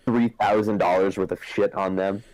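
Lowish voice, young guy swearing and ranting, dry close sound. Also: steady tone, normal speed, a little mellow, dry recording, low-quality recording. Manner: profane, ranting, laid-back. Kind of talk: casual chat.

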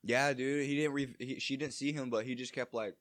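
A man's voice: mid-range voice, fairly even intonation, fairly quick, a bit bright, no echo, clean studio sound. A man on a podcast telling a rambling, laid-back story in casual chat. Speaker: podcast co-host.

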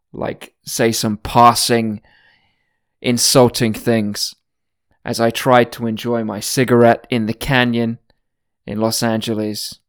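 Male podcast host with a mixed British accent, crude and boastful, rambling comic monologue. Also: medium pitch. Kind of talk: rambling comedic rant.

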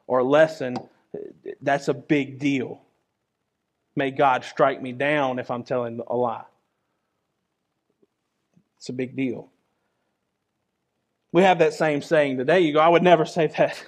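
A man preaching a sermon in an earnest, conversational way, often repeating his key phrases. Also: medium pitch.

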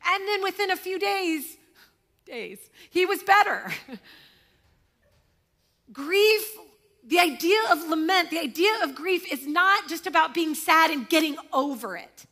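Woman pastor, high voice, bright tone, middle-aged, storytelling sermon in church. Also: animated, measured pace, pauses often. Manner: storytelling, acting out quotes, conversational.

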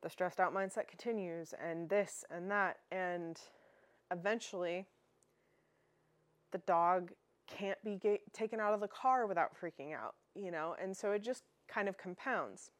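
A woman's voice: lowish voice, unhurried, no echo. A young woman hosting a dog training podcast, explaining in a casual, chatty way with fillers and restarts.

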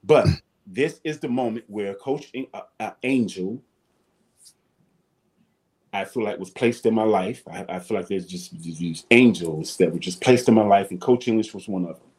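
Man spinning animated stories. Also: on the low side, normal speed. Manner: animated, swears casually, acts out voices. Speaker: guest, former football player. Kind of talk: casual storytelling.

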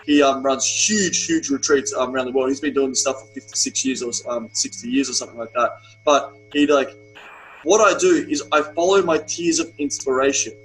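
This young men's retreat coach, chatting on a podcast, has a medium-pitched, slightly bright voice and a brisk pace. He's blunt and profane and tells stories emphatically, over poor audio with slight background noise.

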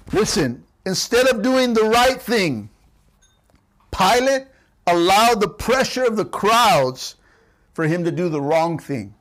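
Male pastor, high voice, preaching an online sermon, exhorting and call-and-response. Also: fairly bright tone. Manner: calls for audience response, repetitive and exhorting. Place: church service streamed online.

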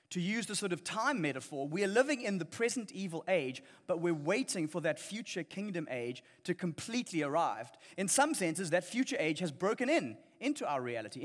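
Earnest man preaching in a reverberant hall. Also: on the high side. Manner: earnest, emphatic, with frequent restarts. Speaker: pastor. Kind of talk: sermon.

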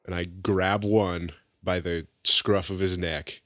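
A man's voice: low-pitched, level tone, slow, a bit bright, no echo, studio quality. A man playing a tabletop role-playing game, talking casually and bluntly. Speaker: player.

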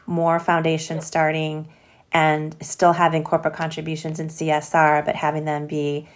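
A woman's voice: deep voice, monotone, normal speed. A woman who leads a corporate foundation, answering interview questions in a conversational, upbeat way with frequent hedges.

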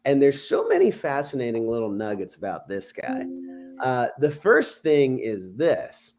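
A man's voice: mid-range voice, wildly swooping pitch, unhurried, darkish tone, soft background music. A man in casual conversation, walking through a Bible passage and acting out the quotes with an easy chuckle. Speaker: podcast co-host discussing scripture.

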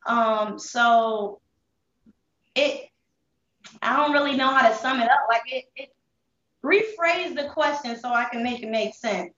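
A young woman with a high voice tells her story candidly in street slang, stopping and restarting as she holds back tears. She sounds a little far from the mic, in a roomy space with a dull sound. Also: a little slow, long pauses, fairly bright tone. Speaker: interview guest. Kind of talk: emotional personal testimony.

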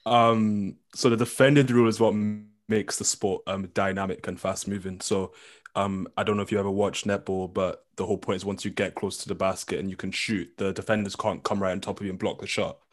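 A young man with an English accent, chatting casually as a guest coach in an interview, full of ums and quick laughs. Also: low-pitched, level tone. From England. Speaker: coach and committee member.

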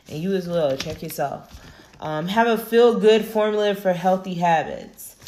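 A woman with a low, gravelly voice hosts her own podcast, talking alone to her listeners. Her delivery is relaxed and blunt, with casual swearing mixed into warm encouragement. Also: a little hiss or hum. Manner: laid-back, profane, affirming. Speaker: podcast host. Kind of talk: casual solo podcast wrap-up.

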